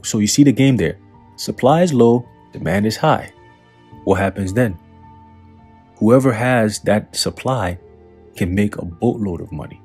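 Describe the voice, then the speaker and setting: A religious commentator with a lowish, darkish, slightly rough voice reads news quotes aloud and follows each with profane, preaching remarks. He mocks them with sardonic asides and laughs.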